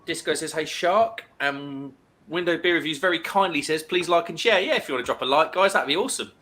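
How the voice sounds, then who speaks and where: Bright-voiced man reading chat comments. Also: fairly high pitch, a little fast. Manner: reads out viewer comments chattily. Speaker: live stream host. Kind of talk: casual live stream chat.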